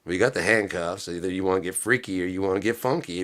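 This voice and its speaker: Man, very low voice, live-stream chatter, sarcastic, rambling, bursts of mock anger. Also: fast talker. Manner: sarcastic, swings into mock-angry yelling. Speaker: streamer and musician.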